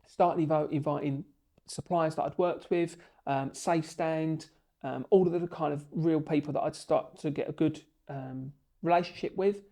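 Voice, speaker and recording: A man, a guest on a podcast, telling long stories in an animated and emotional way. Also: fairly high pitch, normal speed. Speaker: podcast guest, bricklaying tutor. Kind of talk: storytelling in a podcast interview.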